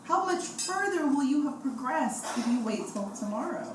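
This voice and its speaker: A woman in her forties sharing her personal testimony as a guest speaker, animated and laughing often. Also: high voice, normal speed. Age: 40s. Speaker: guest speaker, breast cancer survivor. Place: event hall. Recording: echoey hall, far from the mic, noisy.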